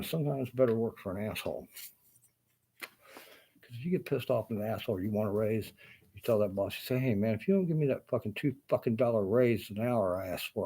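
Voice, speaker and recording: A man's voice: on the low side, a little mellow, slight background noise. A man who works as a carpenter, ranting to camera in a profane, bitter and rambling way, full of restarts and asides. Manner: talks in loose restarts and asides. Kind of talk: casual rant to camera.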